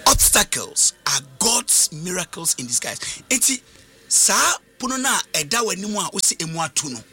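Emphatic preacher, high and lively. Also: male voice, moderate pace, husky, soft background music. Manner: emphatic, repeats phrases. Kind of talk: sermon with interpreter.

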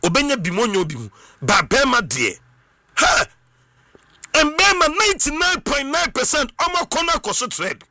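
A man with a Ghanaian accent gives an excitable, animated monologue, mixing Twi and English and breaking into shouts and sing-song. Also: extremely high pitch, normal speed, dry recording, clean studio sound.

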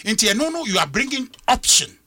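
A middle-aged Ghanaian man hosts a radio talk show, speaking emphatically and with lively energy as he switches between English and Twi. His voice is extremely high-pitched and he talks fast, with no room sound.

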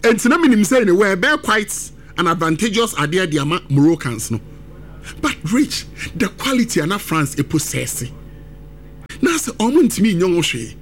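A man breaks down a football match as a pundit, his voice pitched high and swinging up and down with lively emphasis. He talks emphatically, switching between languages mid-sentence. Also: moderate pace, a little hiss or hum. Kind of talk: sports analysis on radio talk show, mixing Twi and English.

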